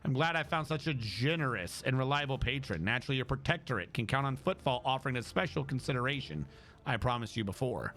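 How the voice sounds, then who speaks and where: A man's voice: mid-range voice, animated, fast talker, fairly bright tone. A man reading out the lines of a grateful, formal male station governor in a game. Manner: reads game dialogue in a formal tone.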